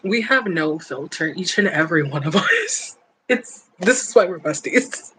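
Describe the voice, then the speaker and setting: A woman's voice: fairly low pitch, expressive, normal speed, sharp tone, breathy edge, low-quality recording. A woman hosting a livestream, chatting casually with her viewers in a playful, blunt and teasing way, laughing often. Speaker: livestream host reading chat. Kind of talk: casual chat.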